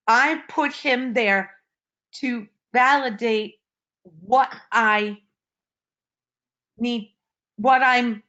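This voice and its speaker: A woman's voice: fairly high pitch, a bit bright. Emotional woman retelling a story on a lo-fi call. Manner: emotional, breathless retelling with many restarts. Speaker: participant sharing a story.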